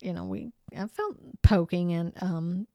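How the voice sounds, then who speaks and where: A woman co-hosting a podcast, casually telling ghost stories in a chatty, animated way with frequent fillers. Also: lowish voice, measured pace, dry recording. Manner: chatty, lots of "you know" and "um"; animated, laughs easily. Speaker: podcast co-host. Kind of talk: casual storytelling about hauntings.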